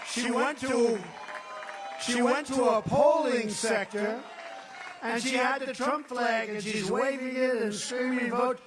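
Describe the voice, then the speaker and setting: Older guy boasting at a rally, highish voice, roomy echo, far from the mic. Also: steady tone, slow, music in the background. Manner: repetitive, boastful, off-the-cuff asides. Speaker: political speaker at a rally. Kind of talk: rambling rally speech. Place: large venue, victory rally. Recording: roomy sound, distant mic, loud crowd. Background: cheering crowd.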